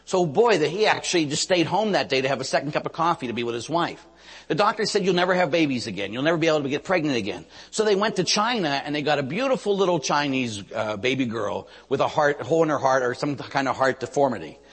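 A man's voice: a little high, lively intonation, fast, husky, long reverb tail. A man, a Catholic priest, preaching a sermon with stories, acting out quotes and asking his listeners questions. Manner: storytelling, acts out quotes, asks the audience "Huh?".

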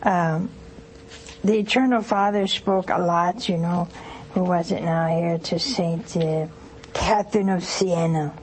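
An older woman, a nun, leads a devotional call-in broadcast at a slow, deliberate pace. She speaks earnestly and stirs her audience with repeated questions. A faint hiss sits under her voice. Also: on the low side, steady tone, a little mellow, rough recording. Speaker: nun hosting a call-in TV show. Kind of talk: televised devotional teaching with call-in.

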